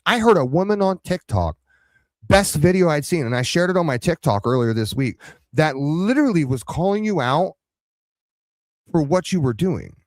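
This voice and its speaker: Brief: male live-stream commentator, sarcastic and scolding, very animated pitch, dry recording. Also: moderate pace, no echo. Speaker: commentary channel host. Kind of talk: heated live reaction commentary.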